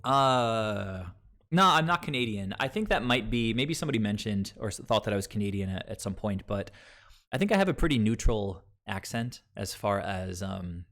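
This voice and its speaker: A man from Long Island, New York, streams live and chats loosely with viewers, wandering from point to point with frequent ums and likes. He sounds animated, with a lowish, fairly bright voice at a normal pace.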